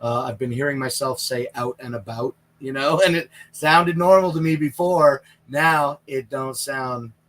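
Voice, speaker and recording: A man's voice: medium pitch, unhurried, hardly any pauses, fairly bright tone. Chatty Canadian man, live-stream host. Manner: chatty and rambling, answers viewer questions. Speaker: livestream product reviewer. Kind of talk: casual live-stream chat. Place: inside a small camper trailer.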